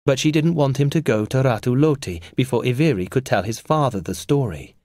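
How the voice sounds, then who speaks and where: Man narrating a storybook, lively pitch. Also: no echo, clean studio sound. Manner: clear and measured for learners. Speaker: audiobook narrator.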